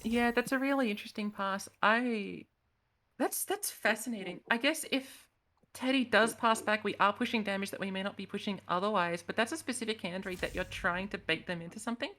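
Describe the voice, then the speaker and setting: A woman's voice: medium pitch, fairly quick, a bit bright, a little hiss or hum. A woman from the Americas casting a live esports match, analytical and thinking aloud, often second-guessing her own reads. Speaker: esports co-caster. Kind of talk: live esports game commentary.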